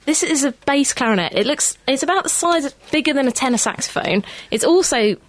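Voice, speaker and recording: Brisk woman co-presenting radio, bright pitch. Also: expressive, slight background noise. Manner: brisk and friendly reading of listener answers. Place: radio studio.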